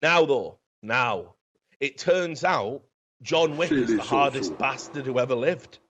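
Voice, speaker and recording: This man, a film review podcast host, has a mid-range, expressive voice and talks slowly over background noise. His casual comedic film review rambles and swears as he tells the story, and the lo-fi recording comes across dull.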